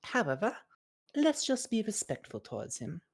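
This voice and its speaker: A woman's voice: mid-range voice, wildly swooping pitch, moderate pace, a little hiss or hum. A woman voicing a condescending young female prosecutor in a fan read of a game, speaking curtly. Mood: haughty. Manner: curt and condescending.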